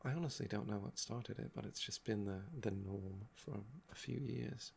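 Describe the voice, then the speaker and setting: A young man with a gravelly, fry-laden voice, talking in a soft-spoken ASMR chat that meanders and trails off. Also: lowish voice, moderate pace, a little hiss or hum. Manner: meandering and musing, often trailing off with "um". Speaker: ASMR channel host.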